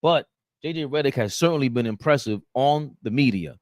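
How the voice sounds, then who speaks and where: A man hosting a loose live-stream sports talk show, reading viewer comments and ranting in an animated, bantering way. His pitch sits in an ordinary middle range, and the sound is close and dry, with no room echo. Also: fairly quick.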